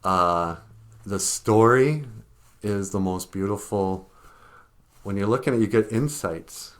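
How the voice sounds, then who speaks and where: A man's voice: lowish voice, unhurried. A middle-aged man hosting his own vlog, rambling about art, laughing often and getting choked up with emotion. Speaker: vlogger host. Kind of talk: casual vlog commentary.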